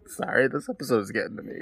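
A male podcast co-host in casual chat, joking and animated, with a lively pitch that moves a lot. His voice is recorded dry and close. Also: vocal fry, breathy edge, dry recording.

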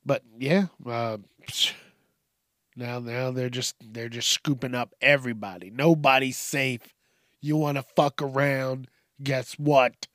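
A man's voice: medium pitch, steady tone, slow pace, a bit bright, no echo, studio quality. A tired man hosting a casual solo podcast late at night, rambling and swearing as he trails off and restarts. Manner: rambling, profane, self-interrupting. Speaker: podcast host.

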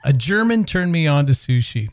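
A man's voice: a little high, sing-song, moderate pace, slight background noise. A man in his fifties hosting a casual podcast chat, joking, laughing and trailing off mid-sentence. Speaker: podcast host.

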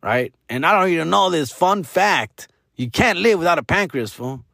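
A man's voice: a little high, lively intonation, moderate pace, creaky, pushed and bright, dry recording, clean studio sound. A young man, a podcast host telling a comedic story in a profane, rambling way, dropping Spanish slang.

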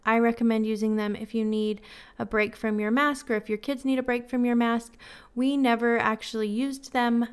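Chatty podcast lady with a slightly high, smooth voice, casual and a bit self-deprecating. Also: flat delivery, moderate pace. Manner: gives friendly advice. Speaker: podcast host.

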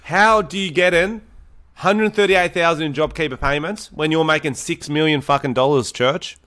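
A man's voice: a little high, moderate pace, a bit bright. A young Australian man co-hosting a podcast, joking around and swearing freely in casual banter. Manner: crude, sweary and jokey. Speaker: podcast co-host.

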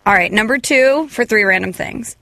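Chatty young woman with a gravelly edge. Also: a little high, moderate pace, sharp tone, no room sound. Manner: chatty storyteller, laughs often. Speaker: podcast co-host. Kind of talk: casual podcast chat.

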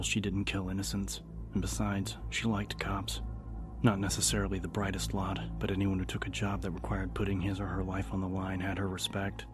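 A man with a very deep voice narrates a horror story in a steady, even manner. His delivery stays flat with little melodic movement, and a clear music bed plays under his voice. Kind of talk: audiobook-style story narration.

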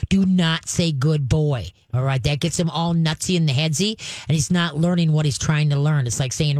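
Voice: medium pitch, brisk, darkish tone, no room sound. An older radio host giving dog-training advice to callers in a casual, joking way, checking in often with "okay?". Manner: chatty, jokey, checks in with "okay?". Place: radio studio.

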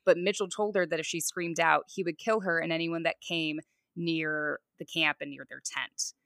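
A woman's voice: low-pitched, steady tone, normal speed, gravelly, a bit bright, no room sound, clean studio sound. A woman co-hosting a podcast, telling a true crime story in a conversational way with casual fillers. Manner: conversational, fillers like "you know" and "like".

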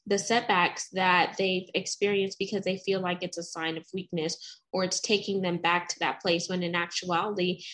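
A woman's voice: lowish voice, flat delivery, normal speed, a bit bright, low-quality recording. A woman hosting an interview, affirming and encouraging, speaking in long flowing sentences. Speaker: host. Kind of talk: interview conversation.

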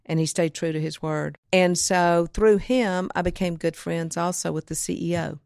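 Low gravelly woman. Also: normal speed, no echo, clean studio sound. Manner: animated storyteller, acts out others' lines. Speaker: guest, music producer and author. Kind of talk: storytelling interview.

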